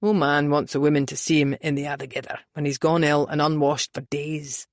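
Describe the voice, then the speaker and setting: A woman voicing a stubborn young Scotsman, low and gruff, with a Scottish accent and clipped, muttered replies. He sounds worn down by injury, as a narrator puts him on in a dry, close recording. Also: little pitch movement, brisk, dry recording.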